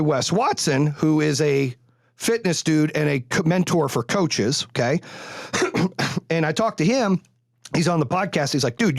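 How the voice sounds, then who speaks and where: Brief: middle-aged male podcast host, rapid-fire and blunt, swears freely, tight dry sound. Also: a little high, no echo. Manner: blunt, profane, animated storytelling. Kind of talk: candid monologue.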